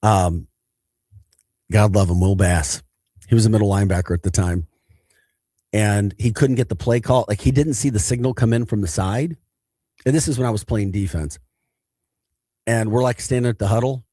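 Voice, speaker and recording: A man with a St. hosting a morning sports talk show. His voice sits low and he hammers his opinions with emphasis, laughing between points. The studio sound is close and dry. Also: moderate pace, pauses often, dark tone, no echo. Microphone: studio mic.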